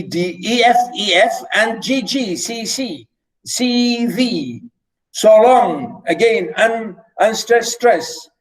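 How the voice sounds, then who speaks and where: A man giving an enthusiastic lecture on poetry, reading verse lines slowly and with emphasis, and repeating words to drive a point home. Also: high voice, recorded from a distance, poor audio. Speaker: literature lecturer.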